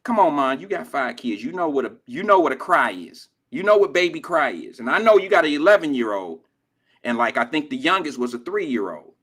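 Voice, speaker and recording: A man's voice: on the high side, very animated, brisk, fairly bright tone, breathy edge. An older man hosting a drive-time radio show, telling stories in casual, profane street slang. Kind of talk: casual talk radio monologue.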